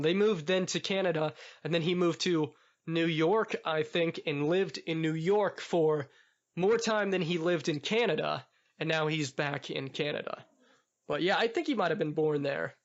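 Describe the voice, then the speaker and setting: A man chatting casually as a podcast guest, rambling and laughing often. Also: fairly high pitch. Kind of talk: casual chat. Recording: dull lo-fi podcast audio.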